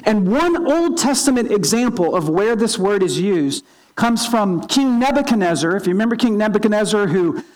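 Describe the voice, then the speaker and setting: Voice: lively intonation, moderate pace, low-quality recording. A pastor giving a sermon in an earnest teaching tone, often restarting and repeating small words. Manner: opens with a quiet, low spoken prayer.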